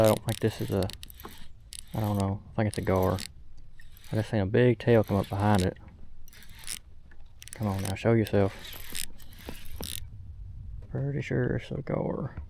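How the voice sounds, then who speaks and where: A man's voice: on the low side, unhurried, creaky, long pauses, warm tone, slight background noise. Man vlogging from a kayak. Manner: plainspoken, drawling, lots of "uh" fillers. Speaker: fishing vlogger. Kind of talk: casual outdoor vlog narration. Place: outdoors on a kayak on the water. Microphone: camera mounted on the kayak.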